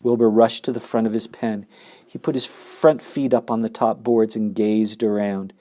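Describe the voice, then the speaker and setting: A man's voice: fairly low pitch, steady tone, moderate pace, dark tone. A man reading a children's story aloud expressively. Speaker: narrator.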